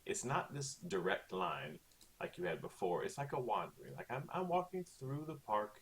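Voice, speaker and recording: A man's voice: medium pitch, big pitch swings, moderate pace, fairly bright tone. A man teaching a recorded Spanish lesson in a chatty way, often checking in with "okay?".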